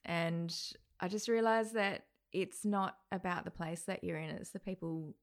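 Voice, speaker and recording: Gravelly low-voiced Australian woman. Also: unhurried. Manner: animated, acts out quoted voices. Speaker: guest. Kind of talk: casual interview conversation.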